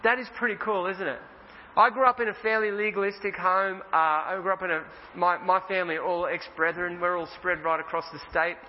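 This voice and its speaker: A male pastor preaching casually, reading scripture slowly and with emphasis. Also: sits high, steady tone. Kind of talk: sermon. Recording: dull roomy hall sound.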